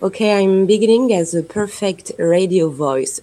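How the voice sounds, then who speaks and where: A woman performance artist from France, speaking in slow, repetitive, incantatory phrases as part of an improvised radio performance. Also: medium pitch, animated, dark tone, low-quality recording.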